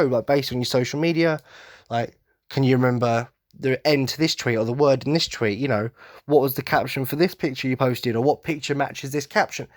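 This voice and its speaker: A man rambles through a solo podcast rant, drifting off on tangents with an eager, self-mocking tone. His voice sits at an ordinary middle pitch. The sound is dry and close, with no room around it. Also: dry recording. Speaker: podcast host.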